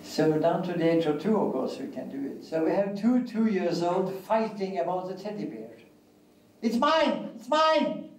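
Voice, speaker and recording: An older man giving an academic lecture, speaking deliberately and repeating key phrases. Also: high voice, mellow. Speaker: guest lecturer. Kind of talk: academic lecture answering questions. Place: lecture hall. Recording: echoey hall, distant mic, faint hiss.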